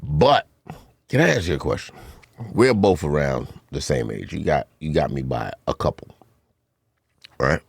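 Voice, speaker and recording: A man hosting a casual podcast chat, telling childhood stories in an animated way with squeaky impressions. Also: measured pace, gravelly, long pauses, husky, no room sound. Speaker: podcast host.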